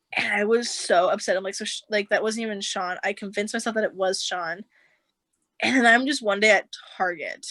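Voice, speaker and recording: A young woman recounts a personal story in casual podcast chat, her voice sitting at an everyday middle pitch. She acts out the other people's lines as she goes and fills her sentences with "like." The sound is dry and close. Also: dry recording. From United States. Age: young adult. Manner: animated storyteller, acts out quotes, says like a lot. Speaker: podcast guest.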